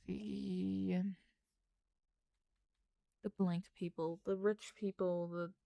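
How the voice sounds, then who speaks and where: Late at night, a woman streamer chats casually with viewers while writing, rambling, thinking aloud as she types, and answering chat. Her mid-range voice is level in tone, very slow, creaky, and dark. The recording is dry.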